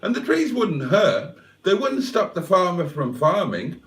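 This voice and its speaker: A man's voice: high voice, big pitch swings, unhurried, recorded from a distance. A man hosting a livestream, telling a wry, rambling story with self-mocking asides. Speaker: livestream host. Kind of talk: casual livestream chat.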